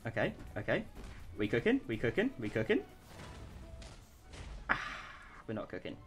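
A man's voice: mid-range voice, wildly swooping pitch, normal speed, faint music behind. A young man commentating casually on a live game stream, chatty and self-mocking.

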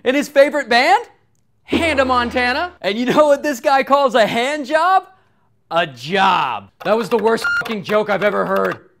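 A man's voice: very high-pitched, expressive, moderate pace, creaky, fairly bright tone, slight background noise. Sarcastic, crude-joking male host. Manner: sarcastic, crude, punchline-driven. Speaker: comedy video host. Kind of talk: sarcastic commentary on viral videos.

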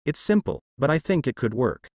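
A man's voice: mid-range voice, big pitch swings, a little fast, darkish tone, slightly rough, dry recording, highs cut off. A man voicing a grieving, hot-headed young male soldier in a fan story reading, swearing and stammering. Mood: hesitant.

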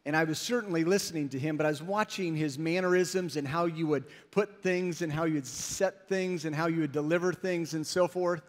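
A man with a high voice preaches slowly and deliberately, telling stories with emphasis. His words ring out with a long reverb across a large church hall. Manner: storytelling, emphatic. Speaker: pastor. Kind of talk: sermon.

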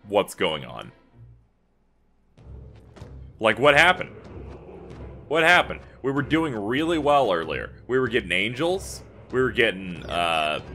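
A man's voice: on the low side, bright, forceful tone. Exasperated, swearing let's-play man. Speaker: gaming YouTuber. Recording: faint game music behind. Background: game music.

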